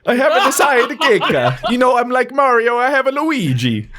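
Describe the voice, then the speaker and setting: A cheesy, hammy motivational speaker rattles along in an exaggerated Italian accent, as a man puts it on. The voice sits a touch high and swings widely in pitch. It is improvised role-play in a party game. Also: big pitch swings, slow, a loud crowd, heavily acted. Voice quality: put-on over-the-top Italian accent.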